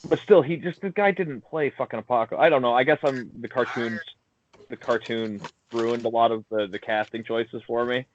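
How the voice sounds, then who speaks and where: A man co-hosting a casual podcast chat, swearing freely and giving blunt, animated opinions. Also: medium pitch, moderate pace. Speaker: podcast co-host. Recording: dull lo-fi sound, dry.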